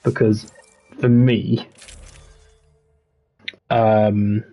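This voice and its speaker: A young man streaming a game, chatting in a relaxed, rambling way and answering his chat as he plays. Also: on the low side, extremely slow, breathy edge, dull audio, soft background music. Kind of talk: casual livestream chat.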